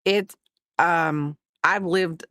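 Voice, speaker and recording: A woman's voice: on the low side, fairly even intonation, extremely slow, fairly bright tone, dry recording, studio quality. A woman hosting a crafting livestream, rambling and chatty, often apologizing for herself. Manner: rambling, chatty, self-deprecating. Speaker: livestream host. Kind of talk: casual livestream chat. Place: home, crafting while streaming.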